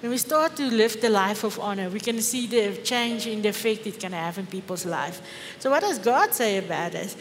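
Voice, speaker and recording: A woman's voice: mid-range voice, expressive, moderate pace, slight background noise. A middle-aged woman pastor with an Afrikaans accent, preaching a sermon with fervour and rhetorical questions. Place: church hall. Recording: echoey church hall with faint music.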